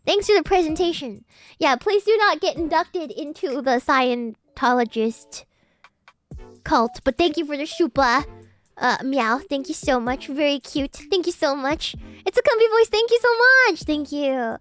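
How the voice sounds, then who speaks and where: High-pitched woman streamer with prim, posh diction, chatty and giggly, soft music bed behind her. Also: expressive, measured pace. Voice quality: formerly very nasal, now loosened. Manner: self-described posh, slightly uppity-sounding English; giggly, reads chat messages aloud and thanks viewers. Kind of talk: casual chat with live chat.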